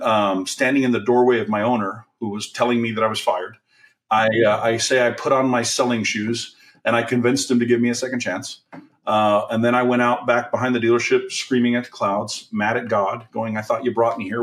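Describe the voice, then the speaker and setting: A man in his forties, a car sales trainer, telling his career story as a podcast guest in a candid, energetic way with many fillers. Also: medium pitch, recorded from a distance. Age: 40s.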